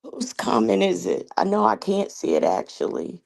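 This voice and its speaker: A woman's voice: mid-range voice, huge pitch swings, normal speed, gravelly, a little mellow. A woman guest on a livestream call, teasing and trash-talking in casual banter. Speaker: panel guest.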